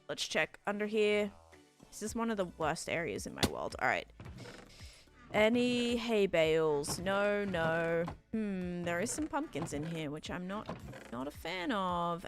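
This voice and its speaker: A woman's voice: on the low side, a bit bright. Australian woman, game streamer, rambling casual chat with viewers, faint music behind. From Australia, Sydney. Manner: chatty, rambling, reads out and answers chat.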